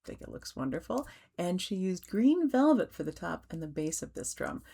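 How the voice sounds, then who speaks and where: A middle-aged woman hosting a stitching vlog, chatting gently with soft fillers and restarts and yawning now and then. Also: on the low side, very animated, normal speed, gravelly, breathy edge. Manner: yawns while talking. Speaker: cross-stitch designer and vlog host. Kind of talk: casual show-and-tell vlog.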